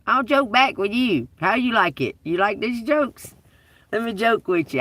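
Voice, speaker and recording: Slow, blunt woman, laughing off-mic. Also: a little high, expressive, a bit bright, dry recording, distant mic. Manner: blunt, profane, laughs often; preachy, addresses the collective. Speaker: tarot reader. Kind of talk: casual livestream talk.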